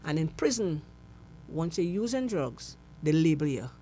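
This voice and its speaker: A middle-aged woman with a Trinidadian accent, a guest in an interview, telling her story with lively acted-out dialogue. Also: low voice, moderate pace. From Trinidad and Tobago.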